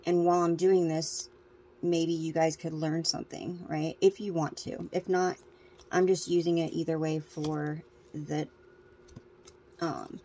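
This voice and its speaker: A woman's voice: low-pitched, little pitch movement, measured pace, warm tone, breathy edge. A woman tarot reader, out of breath, chatting casually and rambling to her viewers. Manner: rambling, restarts often.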